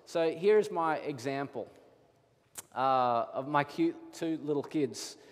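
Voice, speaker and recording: A man in his thirties preaches from the pulpit, his voice sitting a little higher than most men's. His delivery is lively, and the sound carries a long reverb from a large hall. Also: slow. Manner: animated storytelling, acts out his children's voices. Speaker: pastor. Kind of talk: sermon.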